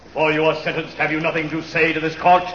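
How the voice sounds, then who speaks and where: An actor playing a stern, formal court judge in an old-time radio drama, speaking in measured pronouncements. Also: male voice, a little high, little pitch movement, a bit bright, a little hiss or hum, lightly acted. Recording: echoey hall on a lo-fi old radio recording.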